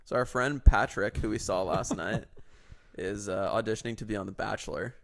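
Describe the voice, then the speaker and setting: A man's voice: fairly low pitch, brisk, creaky. A young man co-hosting a podcast in casual chat, teasing and sarcastic with a mock-serious edge. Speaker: podcast co-host.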